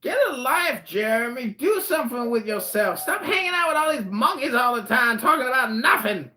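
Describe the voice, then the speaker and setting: Give me a shrieky-voiced man heckling in a group chat, pitch swinging all over. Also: lively intonation, a little fast. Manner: yells insults, heckling.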